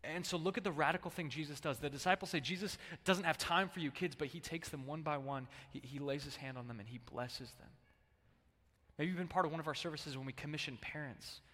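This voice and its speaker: Bright, animated preacher in a reverberant hall. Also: male voice, a little high, quick pace. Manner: conversational, animated, prompts congregation to respond. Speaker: pastor. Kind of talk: sermon. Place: church sanctuary.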